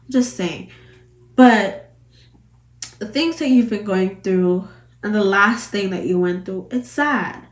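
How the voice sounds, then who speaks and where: A Jamaican woman chatting to camera in a casual commentary vlog. She rambles and circles back over her points at a middle pitch. Her voice bounces around a roomy space. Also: slow, pauses often. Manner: chatty, rambling, repeats herself. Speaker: vlogger. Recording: roomy echo.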